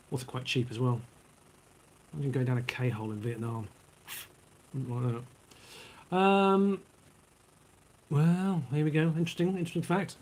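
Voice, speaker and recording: A man's voice: mid-range voice, a little mellow, breathy edge, rough recording. A man, chatting casually on his vlog as he reads out trivia, rambling into asides while he eats and drinks. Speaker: vlogger.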